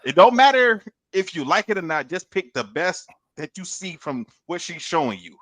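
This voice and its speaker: A man's voice: high voice, moderate pace, no room sound. A middle-aged man in casual podcast chat, giving advice and repeating himself as he talks. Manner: animated, repeats words, gives advice. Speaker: podcast co-host.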